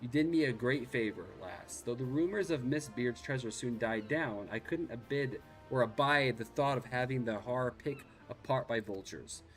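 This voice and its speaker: A man reading a gruff naval officer's game dialogue aloud, stumbling over words now and then. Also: mid-range voice, moderate pace, hardly any pauses, fairly bright tone, faint music behind, natural voice. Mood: matter-of-fact. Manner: reads quest text aloud with stumbles.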